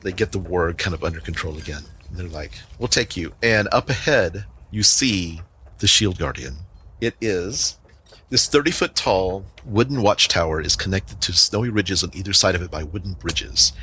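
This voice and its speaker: A man's voice: deep voice, expressive, moderate pace, bright, forceful tone, a little hiss or hum. A man running a tabletop game as game master, describing scenes in a rambling way with many fillers.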